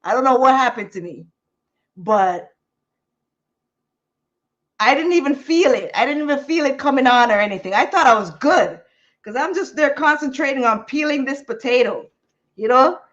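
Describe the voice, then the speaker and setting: A woman's voice: high voice, normal speed, pauses often, highs cut off. A woman telling a story casually in a vlog, repeating phrases and laughing between them. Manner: repetitive, laughing, animated storytelling. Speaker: vlogger.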